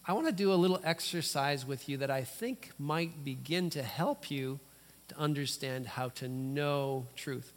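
Emphatic male preacher with long hall reverb. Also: mid-range voice. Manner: emphatic, with dramatic pauses and sudden loud bursts. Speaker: pastor. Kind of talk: sermon. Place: church.

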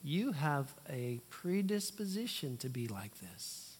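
A man voicing the enemy as a taunting male spirit, speaking slow, low accusations in a church. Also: very animated, slight background noise.

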